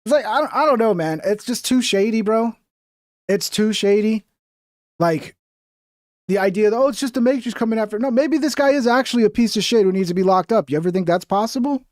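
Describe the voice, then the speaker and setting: Male streamer, higher voice, dry close sound, blunt swearing commentary, casual. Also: brisk, a little mellow, dry recording. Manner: blunt, profane, trailing off with bro and dude. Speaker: streamer reacting to clips.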